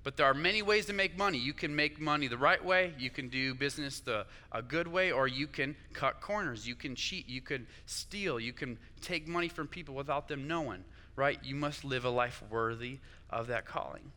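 A man's voice: medium pitch, moderate pace, hardly any pauses, bright, forceful tone, in a large hall. A young man preaching a sermon, conversational and chatty, often asking his listeners "right?". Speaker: pastor.

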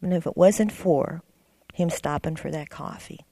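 A woman's voice: low voice, measured pace, dark tone, no echo. A middle-aged woman earnestly telling a rambling personal testimony in a church class. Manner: rambling, earnest storytelling with restarts. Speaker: class member sharing a testimony.

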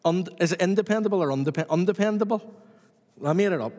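A man's voice: high voice, quick pace, darkish tone, big-room sound. A man preaching a sermon to his church with repetitive, rhythmic emphasis.

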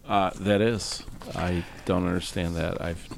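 Dry teasing man with a low voice. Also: level tone, unhurried, gravelly, slight background noise. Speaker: radio show co-guest teacher. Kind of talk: casual radio chat. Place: radio studio.

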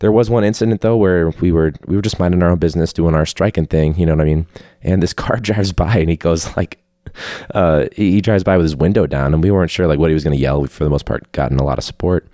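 A man's voice: low-pitched, quick pace, mellow, no echo, studio quality. A man hosting his own podcast, talking casually and candidly with lots of fillers and the odd curse word. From Chicago area. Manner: rambling, candid, profane, with frequent fillers. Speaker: podcast host, teacher. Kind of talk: casual solo podcast chat. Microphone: phone hooked up to a video call.

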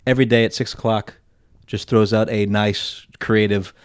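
A man's voice: fairly low pitch, flat delivery, moderate pace, smooth, no echo, clean studio sound. A man co-hosting a casual podcast chat, talking in an easygoing, enthusiastic way. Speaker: podcast co-host.

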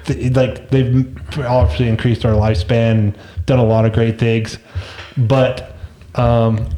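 Laughing storyteller in an echoey room. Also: male voice, mid-range voice, unhurried. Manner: animated, laughs often, repeats words. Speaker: guest telling a story. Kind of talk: casual storytelling chat. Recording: echoey room, faint noise.

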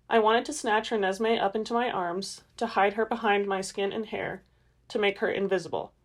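Woman co-host, easy laugh, steady expressive reader. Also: medium pitch. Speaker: book podcast co-host and reader. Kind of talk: casual chat and reading aloud from a novel.

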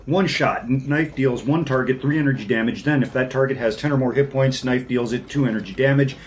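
A man's voice: medium pitch, brisk. A man playing a tabletop card game with friends, reading his cards aloud, joking and swearing playfully. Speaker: player. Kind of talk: casual tabletop game play.

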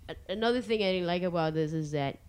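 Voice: mid-range voice, fast, a little hiss or hum. A young speaker in casual chat about a movie, joking and swearing freely.

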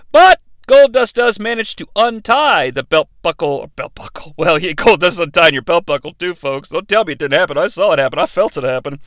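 A man's voice: sits high, a bit bright, dry recording. A man hosting a podcast, giving a comedic play-by-play recap with sarcastic, profane asides. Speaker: podcast host recapping a wrestling event.

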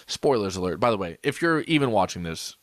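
A man's voice: lowish voice, big pitch swings, fairly quick, no room sound. Drunk guy rambling and hiccuping on a podcast, dry close mic. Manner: rambling, tipsy, laughing. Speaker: podcast co-host. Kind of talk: casual chat.

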